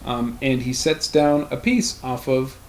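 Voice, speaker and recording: A man's voice: mid-range voice, steady tone, measured pace, a little hiss or hum. A young man hosting a let's play, telling rambling stories in casual chat, swearing freely and laughing often. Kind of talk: casual chat over gameplay.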